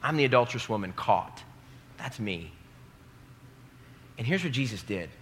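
Bright-voiced preacher man in a reverberant hall. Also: medium pitch, expressive, normal speed, slight background noise. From American Midwest. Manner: emphatic, rising to loud peaks, calls the audience to repeat lines. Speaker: pastor. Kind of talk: sermon. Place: large hall before a live congregation.

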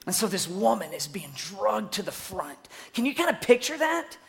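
A preacher telling a story in an energetic sermon, swinging between loud bursts and hushed asides and asking the listeners questions. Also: mid-range voice, normal speed, vocal fry.

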